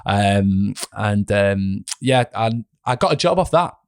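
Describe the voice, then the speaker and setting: A man's voice: on the low side, expressive, slow, clear, resonant tone, dry recording, studio quality. A young man, an actor chatting as a guest in a casual interview, rambling with many restarts and fillers.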